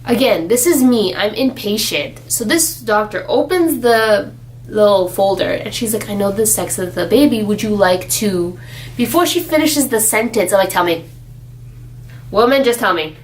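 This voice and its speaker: A young woman vlogging about her pregnancy in a chatty, animated way, acting out the people she quotes. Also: medium pitch, normal speed, a little hiss or hum, poor audio. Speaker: expectant mother vlogger. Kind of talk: casual chat.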